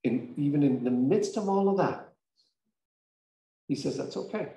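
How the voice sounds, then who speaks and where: Animated man preaching in an echoey church. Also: on the high side, measured pace. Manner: conversational storytelling, animated and emphatic. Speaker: pastor. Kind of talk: sermon. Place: church sanctuary.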